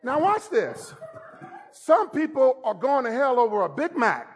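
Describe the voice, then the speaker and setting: High-voiced preacher man, shouting and joking. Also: very animated, unhurried. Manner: humorous storytelling preacher, breaks into shouts; teases the congregation directly. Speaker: pastor. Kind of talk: sermon. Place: church service.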